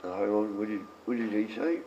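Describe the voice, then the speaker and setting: Speaking briskly in a warm, lowish voice, an Australian man in his sixties rambles bluntly on a live stream. He reads out chat messages and chats with his dogs between them. Faint noise runs through the dull, lo-fi stream recording.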